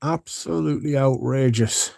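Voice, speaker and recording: A man's voice: mid-range voice, moderate pace, vocal fry, a little mellow, dry recording, studio quality. A man hosting a casual livestream, sleepy and yawning, rambling and swearing as he chats to his viewers. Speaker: livestream host.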